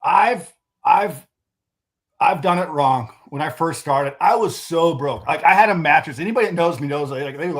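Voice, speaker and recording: Brief: male sales trainer, higher register, energetic, acts out shop-floor dialogue on a video call. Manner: animated, quick restarts, acts out customer dialogue. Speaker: mattress sales trainer, guest. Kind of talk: energetic sales coaching talk.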